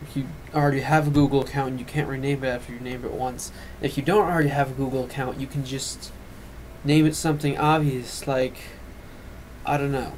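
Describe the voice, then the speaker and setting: A man's voice: medium pitch, flat delivery, fairly quick, a little mellow, slight background noise, poor audio. A teenage boy talking straight to camera in a confessional vlog, rambling and earnest, often restarting his sentences and holding back emotion. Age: teens. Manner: emotional, fighting back tears at times. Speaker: vlogger.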